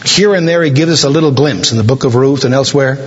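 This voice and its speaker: A man preaching a sermon, telling a story and slowing down dramatically for emphasis. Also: mid-range voice, a little hiss or hum. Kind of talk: sermon with a told joke. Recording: dull, reverberant hall recording.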